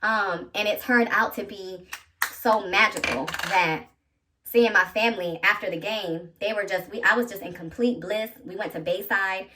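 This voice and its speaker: A woman in her thirties telling a personal story to her viewers in an animated, chatty way, talking straight to them. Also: mid-range voice, moderate pace, recorded from a distance. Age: 30s. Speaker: vlogger.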